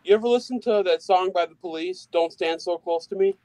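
A joking man in a casual chat with friends. He says "bro" and "dude" often. His voice sits high for a man. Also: a little fast, mellow.

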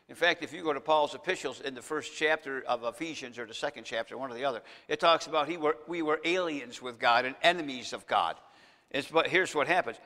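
A man's voice: a little high, sharp tone. A man preaching a sermon as pastor, speaking straight to his congregation and building to emphatic peaks. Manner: preaching with rising emphasis, addressing the congregation directly. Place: church sanctuary. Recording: long church reverb.

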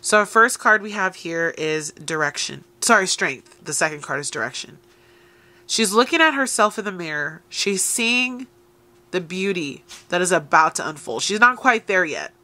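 A woman reads tarot cards aloud to her viewers, urging them on. Her voice is low-pitched for a woman but bright and forceful in tone, and she talks directly and encouragingly. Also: expressive, moderate pace. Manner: encouraging, addresses listeners directly. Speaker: tarot reader. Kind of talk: tarot reading addressed to viewers.

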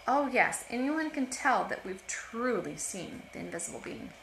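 A woman reading a storybook aloud, voicing a pair of proud, cruel young sisters who talk in a shrill, boastful way. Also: big pitch swings, moderate pace, gravelly, a bit bright, a little hiss or hum, full character voice. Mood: haughty. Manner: shrill, boastful and stammering when caught. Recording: roomy echo.

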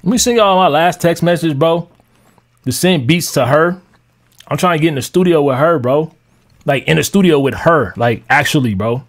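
A man's voice: on the high side, normal speed. A man ranting on a live stream to his chat as a music producer, heated, mocking and profane.

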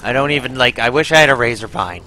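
A man's voice: medium pitch, lively intonation, fast talker, pushed and bright, faint music behind, poor audio. A man giving live gameplay commentary, exclaiming, groaning and swearing as he fights a boss. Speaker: gaming channel host.

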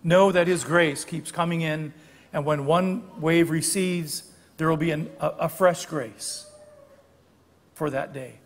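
Steady in tone and slow in pace, an older man serving as guest preacher delivers a sermon in a church sanctuary, his slightly high voice leaving a long reverb tail that rings after each phrase. He teaches the text conversationally and breaks off to amend his own wording.

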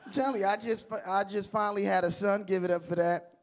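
A young man doing a stand-up comedy set on a club stage, animated and shouting out his punchlines. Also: high voice, quick pace, background noise. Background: audience laughter.

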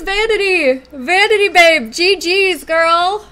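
Female game streamer, very high voice, slow and drawn-out delivery, exclaims a lot while playing and chats to viewers. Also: animated, fairly bright tone. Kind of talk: excited live-stream commentary.

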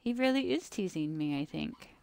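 As a gameplay video maker, she chats through her play, speaking directly to the creatures, scolding them in jest and dropping to murmurs. Her voice is on the low side, creaky and darkish yet clean, with lively intonation at a moderate pace and no room sound.

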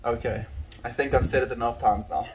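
A man's voice: mid-range voice, fairly even intonation, a little fast, a little hiss or hum. A man from South Africa with an Afrikaans first language, streaming outdoors and reading live chat aloud in a laid-back way, calling everyone his friend. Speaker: livestreamer. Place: outdoors on a windy day.

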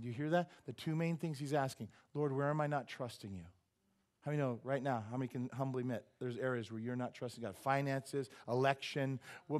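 A man preaching a sermon in church. He gets loud and then drops to a hush, acts out quoted voices and jokes with the congregation. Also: mid-range voice, fairly quick. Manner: animated, swings from loud exclamations to hushed asides. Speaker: pastor. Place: church sanctuary.

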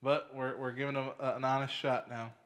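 A man's voice: medium pitch, level tone, a little fast, a bit bright, long reverb tail. A man co-hosting a wrestling podcast, chatting loosely, swearing often and laughing a lot. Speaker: podcast co-host. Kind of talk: casual chat.

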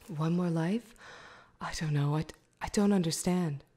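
Brief: woman reading as a scared young peasant girl, whispered role-play, low and warm, shaky. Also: measured pace, a little hiss or hum. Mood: nervous. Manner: soft-spoken, trembling. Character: frightened sixteen-year-old peasant girl.

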